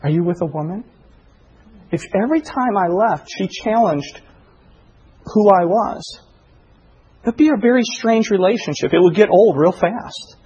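Husky, high-voiced preacher man. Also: measured pace, dull audio. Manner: impassioned, builds to loud preaching with rhetorical questions. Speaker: pastor. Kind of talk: sermon.

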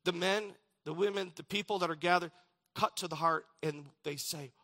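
A man preaching a sermon, reading scripture dramatically and swinging between loud declarations and hushed lines. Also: a little high, fairly even intonation, moderate pace. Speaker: pastor.

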